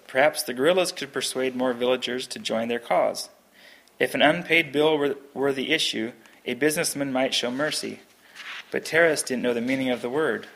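A man's voice: medium pitch, a bit bright. Man reading a story aloud, earnest. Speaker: reader.

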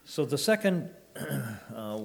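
Throat-clearing male preacher. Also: medium pitch, big pitch swings. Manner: halting, frequent throat-clearing and fillers; reads scripture in a raised, measured voice. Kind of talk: sermon with scripture reading.

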